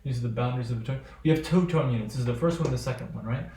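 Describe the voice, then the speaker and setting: A man teaching a lesson, halting and full of fillers, often checking with "right?". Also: mid-range voice, dark tone, echoey room, a little hiss or hum. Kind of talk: lecture.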